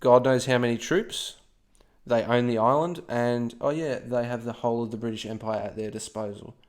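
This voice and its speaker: A man's voice: mid-range voice, normal speed. A man co-hosting a history podcast, telling the story in a playful, joking way with lots of asides. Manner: playful, jokey asides, frequent "okay?". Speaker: podcast co-host.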